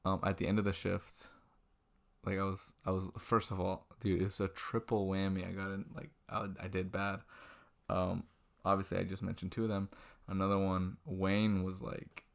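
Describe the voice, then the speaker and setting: A man's voice: deep voice, level tone, moderate pace, vocal fry. A young man from Washington state telling a rambling, self-deprecating story about his restaurant shift, swearing freely, recorded on a webcam at night. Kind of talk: casual storytelling vlog. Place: indoors at a computer, late at night. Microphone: webcam mic.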